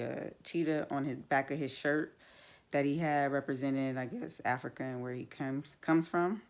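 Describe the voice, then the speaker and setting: A woman recapping a reality TV episode in a blunt, chatty way, full of fillers and frank opinions. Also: extremely low pitch. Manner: blunt, chatty, many fillers like "like" and "you know". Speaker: TV show reviewer.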